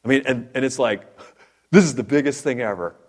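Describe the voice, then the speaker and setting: A man preaching a sermon, fired up and animated, with joking asides to his congregation. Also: medium pitch, fairly quick.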